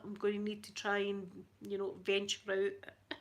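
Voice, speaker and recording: A woman's voice: medium pitch, completely flat delivery, moderate pace. Scottish lady, thick accent, middle-aged, chatty and giggly, talking to her stream. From Scotland. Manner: chatty, laughs often, soft-spoken. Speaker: livestream host. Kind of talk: casual chat with live viewers.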